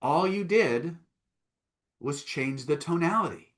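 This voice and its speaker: Slow-paced and a bit bright, this slightly high male voice has lively intonation. Leading a live online self-help session, he coaxes and stresses his points, often adding "right?" or "okay?", and reads the chat's replies aloud.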